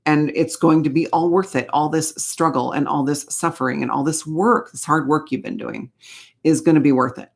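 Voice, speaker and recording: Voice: medium pitch, normal speed, gravelly. A tarot and oracle card reader giving a casual spiritual reading, chatty and gushing, full of fillers and little asides.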